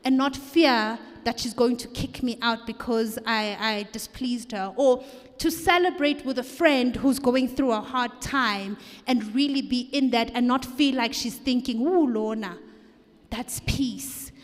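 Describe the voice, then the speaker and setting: A woman's voice: a little high, a little slow, in a large hall. A woman speaking candidly and self-deprecatingly at a book launch, often repeating her phrases. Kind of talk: candid personal reflection. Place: live event hall.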